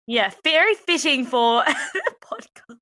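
Australian woman, bright, casual podcast chat. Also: sits high, lively intonation, unhurried. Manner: laughs often, swears, acts out quoted people. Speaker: podcast co-host.

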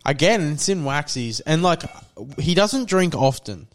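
A man's voice: fairly high pitch, animated, measured pace. A man, telling a rambling story in a casual podcast chat and acting out what others said. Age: 20s. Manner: rambling, many fillers, acts out quotes. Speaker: podcast co-host.

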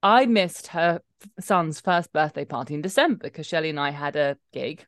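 A woman from London co-hosting a podcast, chatting casually and telling animated anecdotes, jumping into voices for the people she quotes. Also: sits low, normal speed, no room sound, clean studio sound. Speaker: podcast co-host. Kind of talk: casual chat, storytelling.

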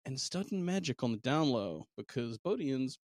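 Playful, lively New man. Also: mid-range voice, normal speed, dry recording, studio quality. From New Zealand. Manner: playful, laughing, teasing. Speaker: podcast co-host and game master. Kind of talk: casual chat.

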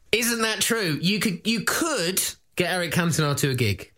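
A man's voice: high voice, lively intonation, bright, forceful tone. A man co-hosting a comedy podcast, teasing his partner and plugging a gig in casual banter. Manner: playful, teasing, quick plugs.

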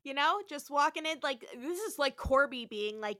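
A woman co-hosting a podcast, recapping an episode in casual chat with animated, playfully profane storytelling. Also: high-pitched, measured pace, no echo, studio quality. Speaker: podcast co-host.

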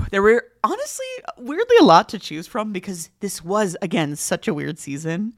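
A young woman co-hosting a podcast, chatting casually and retelling TV scenes with quick asides. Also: mid-range voice, very animated, no room sound, clean studio sound. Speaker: podcast co-host. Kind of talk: casual gossip chat.

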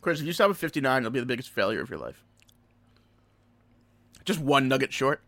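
Fast-talking, teasing podcast man. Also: mid-range voice, sing-song, sharp tone, dry recording. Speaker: podcast co-host. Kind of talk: casual chat.

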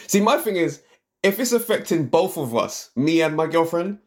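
A man's voice: fairly high pitch, big pitch swings, normal speed, a little mellow, slight background noise. A laid-back man talking as a comedian guest on a casual podcast, using slang like "bruv". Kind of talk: casual chat.

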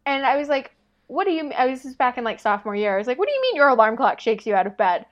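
A young woman with a high, sing-song voice races through a long story in casual chat, rambling with many fillers and laughing often. The recording sounds muffled.

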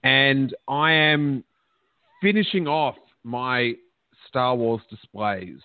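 A man's voice: medium pitch, slow, clear, resonant tone, no echo. A man in the host's seat, chatting casually and spinning rambling, joking stories. His voice is dry and close, with a narrow, phone-like band. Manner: chatty, jokey storytelling. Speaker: podcast host. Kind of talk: casual chat.

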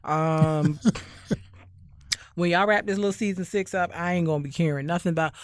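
A young man from Barbados hosts a podcast in loose, casual chat. He rambles and keeps a sardonic edge, padding his thoughts with ums and likes. His voice sits on the higher side for a man, and the recording is dry and close. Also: fairly even intonation, moderate pace, no echo. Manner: sardonic, rambling, heavy on fillers. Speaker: podcast host.

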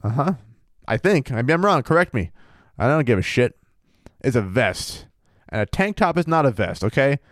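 A man co-hosts a relaxed podcast, reading out a spooky account and breaking off to joke and swear. His voice sits at an ordinary middle pitch. The recording is close and dry with no room sound. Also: moderate pace, no echo. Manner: laid-back, profane, laughs often. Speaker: podcast co-host reading a paranormal story. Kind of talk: casual chat with read-aloud passages.

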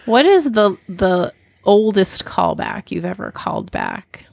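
A female podcast co-host chats in a slow, unhurried, teasing way. Her voice carries a gravelly fry and moves animatedly in pitch. The recording is dry and close. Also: wildly swooping pitch, no echo. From Boston area. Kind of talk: casual chat.

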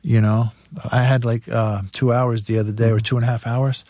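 A man's voice: medium pitch, moderate pace, dry recording. A man telling wild tour stories in a casual interview, swearing often and laughing through his stories. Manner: profane, laughing, animated storyteller. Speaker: guest musician.

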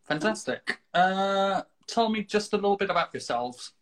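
A man's voice: high-pitched, expressive, normal speed, a bit bright, slight background noise. A man hosting a casual video-call interview, friendly and chatty with many fillers. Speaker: podcast host.

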